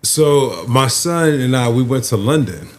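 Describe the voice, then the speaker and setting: A man with a Chicago accent, a podcast co-host chatting casually and telling stories in a relaxed, loose way. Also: mid-range voice, a little slow, a little hiss or hum. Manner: relaxed storyteller, loose and profane. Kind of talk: casual chat.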